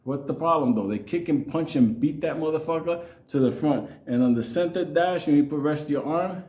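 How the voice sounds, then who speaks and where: In an echoey room, a man with a slightly high, darkish voice tells a wild story at a fairly quick clip. It's profane comic storytelling: he swears constantly and laughs through his lines.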